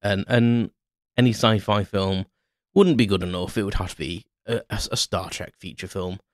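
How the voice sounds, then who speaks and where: A man's voice: fairly low pitch, normal speed, no echo. Guy rambling on his own podcast, self-mocking, lots of ums, dry sound. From Ireland. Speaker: podcast host. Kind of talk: casual solo monologue.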